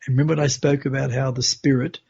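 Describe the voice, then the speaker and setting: A man who is a podcast guest, recounting a personal spiritual experience in an earnest, unhurried way on a dull, lo-fi recording. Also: mid-range voice, flat delivery, creaky, a little mellow, breathy edge.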